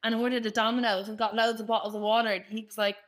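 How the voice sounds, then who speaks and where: A young woman co-hosting a podcast, telling lively stories in casual chat and laughing a lot. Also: on the high side, fast talker. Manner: animated storyteller, laughs a lot. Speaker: podcast co-host.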